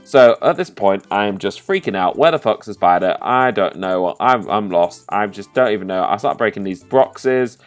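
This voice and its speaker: A man giving casual, sweary commentary over a video game, bursting into loud, excited outbursts. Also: on the low side, moderate pace, hardly any pauses, faint music behind. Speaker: gaming commentator. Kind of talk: post-play game commentary.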